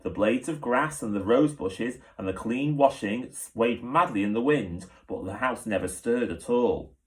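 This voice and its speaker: A man, a teacher, reading a children's book aloud with steady, clear storytelling. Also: mid-range voice, unhurried.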